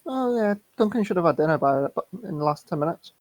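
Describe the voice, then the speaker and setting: A man's voice: on the high side, expressive, fast talker, darkish tone, no echo. A man from England co-hosting a casual gaming podcast, laid-back and laughing along. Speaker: podcast co-host. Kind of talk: casual chat.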